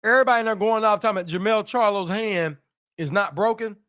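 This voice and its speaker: High-pitched guy hosting a live stream, slangy and loose, just chatting with the viewers. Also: quick pace, a bit bright, clear, resonant tone. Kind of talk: casual live-stream chat.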